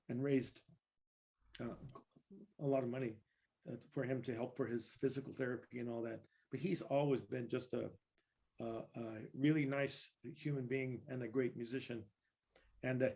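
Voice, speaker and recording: A man's voice: mid-range voice, darkish tone, slightly rough. A man from East Los Angeles, a guest percussionist, telling rambling anecdotes in a casual interview, laughing now and then. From East Los Angeles, California. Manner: rambling anecdotes with many fillers and restarts, laughing while telling stories.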